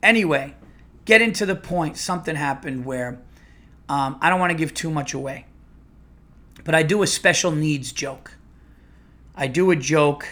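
A middle-aged man, a comedian hosting his own podcast, telling a long rambling story in a casual, animated way with restarts. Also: medium pitch.

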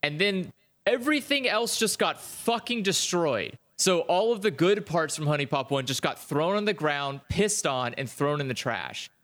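A man's voice: a little high, normal speed. Ranting, foul-mouthed young-sounding man. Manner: animated ranting, heavy swearing. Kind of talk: casual chat about video games.

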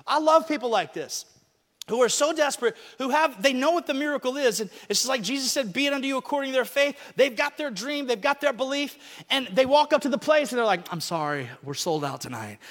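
A pastor from Alabama preaching a sermon, calling out to the congregation and swinging between shouting and quiet asides. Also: male voice, very high voice, quick pace. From Alabama, USA. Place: large church hall. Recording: long hall reverb.

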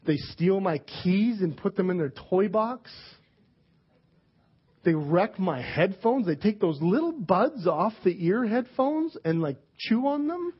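A higher-voiced man preaching in a relaxed, joking way. He slips into quick acted-out lines of other people. The recording sounds dull and muffled. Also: slightly rough. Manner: candid, joking, acts out quoted people. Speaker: pastor. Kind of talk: casual conversational sermon.

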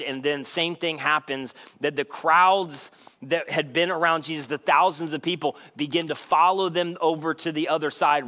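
High-voiced man preaching casually. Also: bright, forceful tone. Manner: casual, conversational preaching with frequent "like"; acts out quoted voices with shifts in pitch and pace. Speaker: pastor. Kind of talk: sermon.

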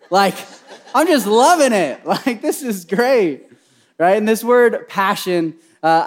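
A man with a strikingly high voice preaches to his congregation in a bubbly, excitable way. He keeps checking in with the room with "right?" and chains his thoughts together with "like". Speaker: pastor. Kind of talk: energetic sermon to a church congregation.

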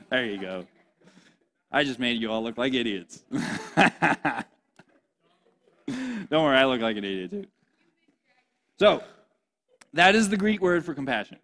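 A man's voice: mid-range voice, bright, forceful tone. A young man preaching a sermon in a playful, joking way, often asking the audience questions. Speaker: pastor.

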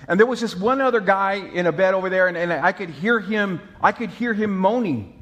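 A man preaching a sermon as pastor, telling stories with lively swings between loud and soft. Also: high-pitched, brisk, muffled recording. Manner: animated storyteller, mimics moaning, swings loud and soft.

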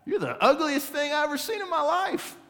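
A man voicing a rude, insulting male parrot in a pet store, with loud, mocking squawks. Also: extremely high pitch, animated, fairly quick, pitched above the performer's own voice, exaggerated voice. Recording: reverberant hall.

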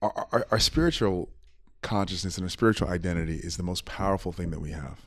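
A man with a fairly low voice chats as a podcast guest. He muses out loud, laughs often, and restarts his sentences as he thinks. His tone is relaxed and conversational. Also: fast. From United States. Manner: laughing, reflective, repeats words while thinking. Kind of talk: casual conversation.

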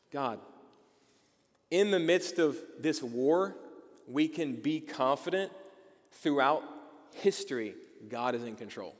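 A man preaching a sermon as pastor, emphatic and asking his listeners rhetorical questions, with frequent checks of "okay?". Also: mid-range voice. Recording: long hall reverb.

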